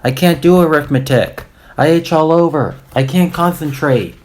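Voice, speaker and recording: A whiny schoolgirl in a storybook, fussing and complaining, as a male reader plays her. Her voice sits clearly above the narrator's usual pitch. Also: normal speed, a little mellow, slight background noise, close to an everyday voice. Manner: whining.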